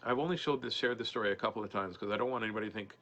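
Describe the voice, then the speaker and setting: A man in his forties, a comedian guest on a podcast, telling a personal story in an earnest, halting way with many restarts. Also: lowish voice, a bit bright. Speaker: podcast guest, comedian and mental health speaker. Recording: dull lo-fi sound with faint noise.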